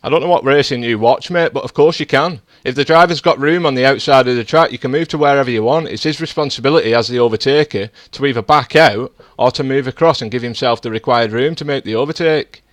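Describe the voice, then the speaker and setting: Fast-talking, defensive male racing streamer. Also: mid-range voice, dry recording. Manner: defensive, insistent, lecturing. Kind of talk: heated in-game voice chat argument.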